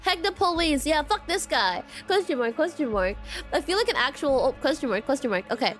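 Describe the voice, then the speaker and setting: A woman's voice: high voice, animated, a little fast, a bit bright, soft background music. A young woman streaming a story game, commenting casually, exasperated and swearing often, saying "question mark" aloud.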